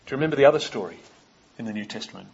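A man with a husky voice preaches a sermon and retells old stories with lively questions to his listeners. The recording sounds dull and lo-fi. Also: medium pitch, racing. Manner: storytelling, asking the listeners questions.

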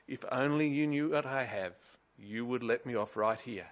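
A man's voice: on the high side, expressive, normal speed, fairly bright tone, lo-fi sound. A cheeky, pleading little old lady, as a male preacher puts her on. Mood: imploring. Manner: imploring, hand on chest.

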